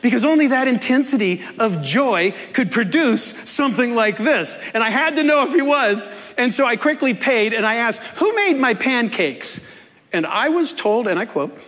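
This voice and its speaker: A man preaches with a high, lively voice that swoops as he tells a story. He teases and coaxes his congregation with a playful touch. The sound carries a long reverb from the church hall around him. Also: moderate pace, few pauses. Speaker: pastor. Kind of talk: sermon.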